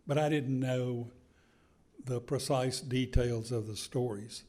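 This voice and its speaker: An older man, an author, talking slowly and telling stories with pauses at a live book event. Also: mid-range voice, fairly even intonation. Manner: unhurried, storytelling with pauses and soft chuckles. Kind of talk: conversational book talk. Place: event hall with an audience.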